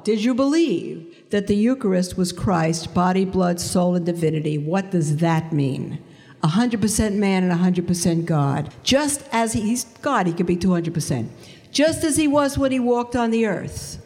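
A woman giving an earnest conversion testimony, slowing down for emphasis. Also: medium pitch, lively intonation, darkish tone. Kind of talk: testimony talk. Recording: long hall reverb.

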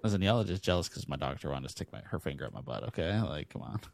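A man's voice: very deep voice, lively intonation, rapid-fire, creaky. A man guesting on a podcast, rambling and joking in casual chat with lots of filler words.

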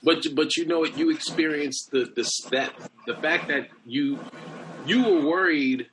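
A man hosting a casual chat, relaxed and encouraging, with short reactions. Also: on the high side, a little slow. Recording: background noise.

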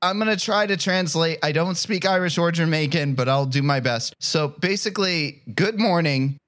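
A man's voice: a little high, moderate pace, a bit bright. Chuckling man reading a listener letter. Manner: laughs often while reading, stumbles over written dialect. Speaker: podcast co-host reading a listener question. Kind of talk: casual comedy podcast banter.

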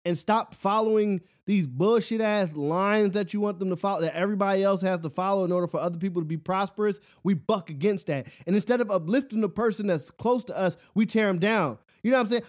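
A man hosting a solo podcast, rambling in a casual, animated rant, often laughing at his own jokes and asking "you know what I'm saying". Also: high-pitched, brisk, hardly any pauses. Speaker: podcast host.

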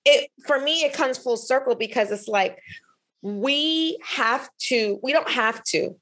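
Expressive woman guest, slightly high voice. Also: a little slow. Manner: expressive, emphatic, with frequent restarts. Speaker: podcast guest, physician researcher. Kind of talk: candid podcast conversation.

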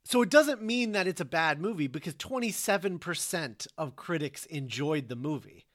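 A man's voice: a little high, lively intonation, normal speed, fairly bright tone. A man in casual conversation who explains his points at length in a lecturing way. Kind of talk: casual chat.

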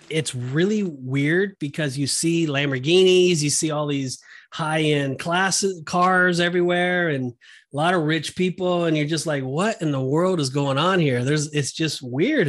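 A man talking on a casual podcast in a relaxed, rambling way. He circles back on himself with fillers and restarts and keeps an easy conversational flow. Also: fairly high pitch, normal speed, no echo, studio quality. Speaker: podcast host. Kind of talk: casual chat.

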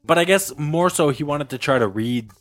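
A man with a voice on the high side hosts a casual podcast, rambling through a long story, laughing and acting out the quotes. His intonation is lively and his pace moderate. The tone is fairly bright, with no echo.

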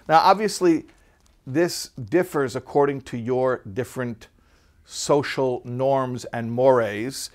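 A man in the middle of a class lecture, a voice neither high nor low. He tells a personal story with animated, conversational energy and turns to quiz his students. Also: slow. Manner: lively anecdotal delivery with questions to the class. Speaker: Torah teacher.

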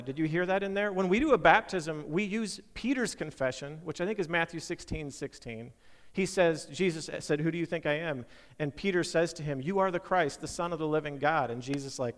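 A man's voice: sits high, fairly bright tone, in a large hall. A male pastor preaching a conversational sermon, asking his listeners many questions.

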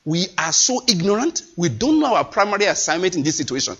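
Impassioned high-voiced preacher. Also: male voice, very animated, fast talker, a bit bright, husky. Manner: impassioned, emphatic, repeats phrases. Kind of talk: sermon. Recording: dull lo-fi recording.

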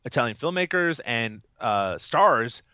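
A man's voice: medium pitch, expressive, unhurried, bright, forceful tone, smooth, no echo. Enthusiastic man with a head cold. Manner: laughs often, rambling and enthusiastic. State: recovering from a cold. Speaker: podcast co-host. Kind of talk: casual podcast chat.

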